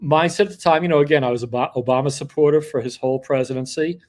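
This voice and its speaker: A man's voice: on the high side, steady tone, quick pace, a little mellow. An older man from New York hosts his own show in a casual monologue, telling rambling stories with wry asides.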